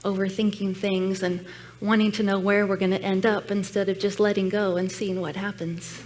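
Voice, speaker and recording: A woman's voice: medium pitch, level tone, normal speed, a little mellow. Earnest woman preaching in church. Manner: reflective, earnest storytelling. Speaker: guest speaker at church. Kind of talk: personal sermon message. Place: church sanctuary.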